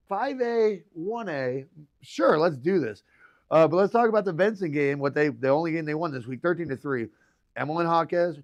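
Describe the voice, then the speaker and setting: Excitable man hosting sports radio. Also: fairly high pitch. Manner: excitable, hypes teams, rattles off stats. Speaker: sports show co-host. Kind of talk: casual sports talk radio.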